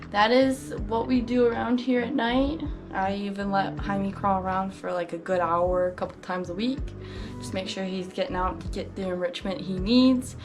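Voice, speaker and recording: Woman pet vlogger, unhurried and chatty, coos at her animal; music bed behind. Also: mid-range voice. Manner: chatty, lots of fillers, coos baby talk at her pet. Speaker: exotic pet keeper. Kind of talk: casual pet care vlog. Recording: background music.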